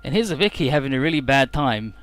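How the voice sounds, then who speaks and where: A man's voice: medium pitch, expressive, a little fast, fairly bright tone, faint music behind. A young man giving casual, rambling commentary over a story game, swearing freely. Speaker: let's player.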